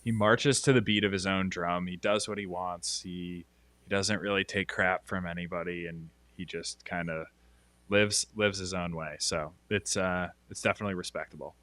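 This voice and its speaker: A man co-hosting a casual livestream chat, upbeat and quick to laugh, often restarting his sentences. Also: sits low, steady tone, a bit bright, no echo. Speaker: stream co-host.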